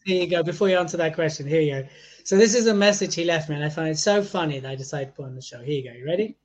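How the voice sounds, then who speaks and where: A man's voice: fairly high pitch, very fast. A man hosting a podcast, chatting in a playful way and teasing his co-host. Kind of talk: casual podcast chat.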